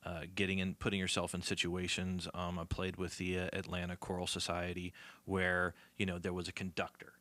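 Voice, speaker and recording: A man's voice: low voice, monotone, a little fast, bright, forceful tone, no room sound. A man who is a guest musician, talking in a casual podcast conversation and telling stories in a reflective way. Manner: reflective, storytelling.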